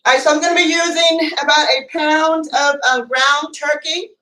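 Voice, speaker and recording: A high-voiced woman talks through a home cooking demonstration in a loose, chatty way, pausing often on filler words. She stands some distance from the mic, and her voice rings around an echoey kitchen. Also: fairly even intonation, sharp tone. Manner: chatty, rambling, many fillers. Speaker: cooking show host. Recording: echoey room, away from the mic.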